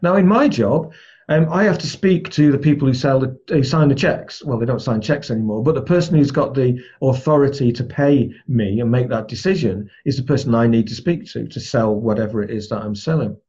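A man's voice: medium pitch, fairly quick, mellow, breathy edge. A man giving a conversational lesson on building rapport, explaining through everyday examples. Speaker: trainer. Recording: dull lo-fi recording.

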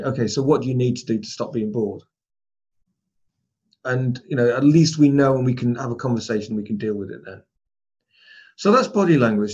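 A man's voice: mid-range voice, darkish tone, husky. A man leading a training course, talking conversationally and addressing the group directly in a training room. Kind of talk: spoken training lesson. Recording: dull lo-fi recording.

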